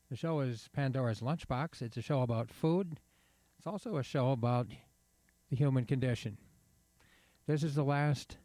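A man's voice: mid-range voice, darkish tone, dry recording. A man filling in as radio host, announcing records and chatting with dry, wry asides.

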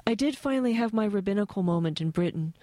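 An American woman reading aloud from her own essay and talking about it, thoughtful and wry, with a flat voice and frequent asides. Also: medium pitch, fast, no room sound. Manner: thoughtful, wry, given to digressions. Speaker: author.

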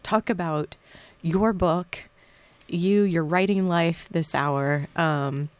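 A woman's voice: on the low side, slow pace, clear, resonant tone, no echo. A woman hosting a radio books interview in a studio, chatty and rambling with laughs and restarts. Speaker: radio books show host.

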